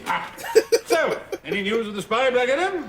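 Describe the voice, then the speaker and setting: An actor playing a blustering, pompous older British general with a booming, bombastic manner. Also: male voice, very animated, normal speed, a loud crowd, full character voice. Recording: TV clip audio with loud noise.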